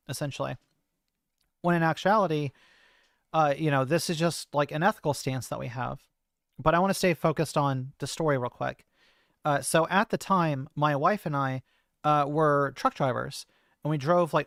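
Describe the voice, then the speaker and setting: A trans woman streamer, speaking in a low-sitting voice into a close desk mic, rambles through a casual, hesitant monologue full of fillers and restarts. There's no echo.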